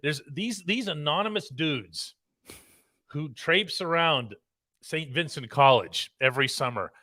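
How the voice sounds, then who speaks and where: Bright-voiced columnist man, dry mic. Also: a little high, expressive, unhurried, no room sound. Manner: articulate, wry, reads listener questions. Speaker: sports columnist co-host. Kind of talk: casual sports talk.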